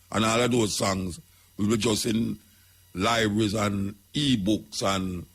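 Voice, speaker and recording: A man's voice: fairly low pitch, gravelly, slightly rough. A man with a Jamaican accent, talking as a radio host in an emphatic, preaching way, repeating his points. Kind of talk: talk radio commentary.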